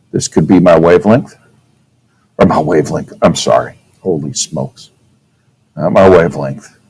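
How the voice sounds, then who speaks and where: A man's voice: low-pitched, darkish tone, slightly rough, rough recording. A male teacher giving a casual classroom physics lecture at a whiteboard, often checking in with "okay?". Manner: casual, checks in with "okay?", demonstrates with his own voice.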